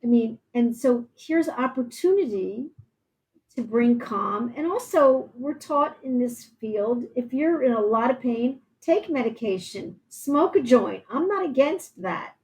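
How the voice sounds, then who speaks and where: A woman's voice: on the high side, lively intonation, unhurried, darkish tone, rough recording. Reassuring woman hosting a live show. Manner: encouraging, reassuring, thinks aloud with restarts. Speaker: podcast host. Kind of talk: live-streamed interview.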